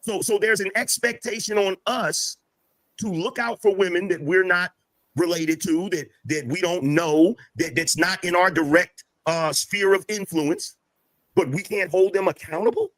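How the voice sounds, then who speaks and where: A man's voice: sits high, a bit bright, no echo, rough recording. A man arguing in a heated podcast debate, stammering through restarts. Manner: stammering, argumentative, halting restarts.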